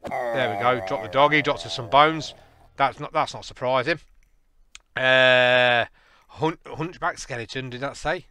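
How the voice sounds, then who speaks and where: A man, casually and excitably commentating a game, joking and laughing at his own jokes. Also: medium pitch, measured pace, clear, resonant tone, soft background music. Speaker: gaming channel host.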